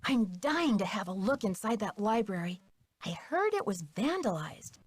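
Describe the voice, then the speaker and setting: An actress playing a confident young female detective in a mystery video game, crisp and inquisitive. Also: medium pitch, sing-song, moderate pace, no echo.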